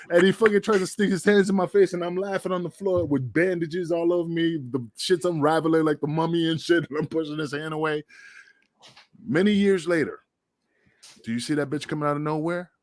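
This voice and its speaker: A man's voice: a little high, fairly quick, a little mellow, no room sound. Middle-aged man spinning profane war stories. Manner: profane, rambling war-story telling. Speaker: retired pro wrestler guest. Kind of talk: casual podcast chat.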